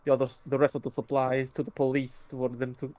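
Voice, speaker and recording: A man voicing a gruff, sarcastic male hero with a Russian accent, stumbling over words. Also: medium pitch, flat delivery, a little fast, a little mellow, no echo, natural voice. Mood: irritated.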